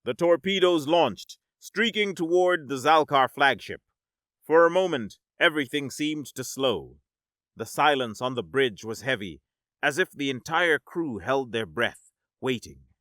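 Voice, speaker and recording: A man narrating a science-fiction story in a dramatic, measured audiobook style. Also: medium pitch, lively intonation, a bit bright, no echo, clean studio sound.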